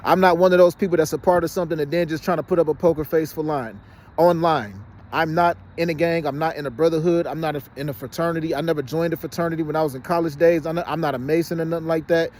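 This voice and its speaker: Man, rapid insistent outdoor phone vlog, high-ish voice. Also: steady tone, darkish tone. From Detroit, Michigan. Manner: rapid and insistent, often says "you know what I'm saying". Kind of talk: casual monologue to camera. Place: outdoors by a fenced exercise area.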